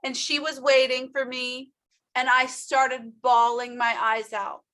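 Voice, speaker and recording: This woman has a high, level, somewhat bright voice and takes her time. Telling her personal story at a motivational workshop, she is emphatic and addresses the audience head-on.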